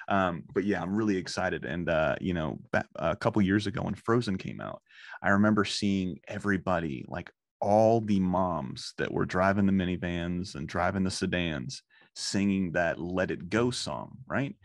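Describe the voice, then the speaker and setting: A man in his thirties hosting a podcast, telling stories in a casual, profane, animated way. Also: low voice, moderate pace, dry recording, studio quality. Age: 30s. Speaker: podcast host. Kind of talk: casual chat.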